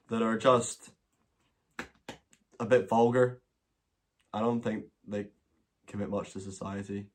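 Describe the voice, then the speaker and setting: A man's voice: medium pitch, fairly bright tone. A man with a Scottish accent hosting a casual livestream Q&A, rambling with many restarts and some swearing. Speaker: livestream host answering questions. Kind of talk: casual chat.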